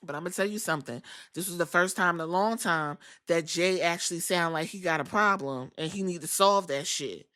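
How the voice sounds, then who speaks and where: Woman podcast host, bright and forceful tone, blunt and foul-mouthed, chatty storyteller. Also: fairly low pitch, brisk, hardly any pauses. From outside the US. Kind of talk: casual recap podcast.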